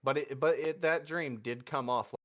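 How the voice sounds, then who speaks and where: A man narrating a tabletop role-playing game as game master, in a relaxed, halting way. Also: medium pitch. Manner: relaxed, halting, full of restarts.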